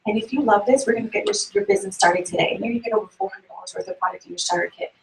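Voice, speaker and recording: A woman giving a sales tip to a group in a brisk way, asking the audience questions as she goes. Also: mid-range voice, big pitch swings, vocal fry, slight background noise. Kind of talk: motivational talk to a group. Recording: echoey room, mic far off.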